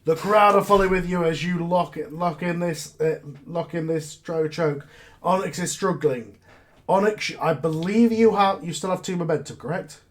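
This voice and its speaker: A man acting as game master, narrating wrestling moves with excited play-by-play. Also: a little high, moderate pace.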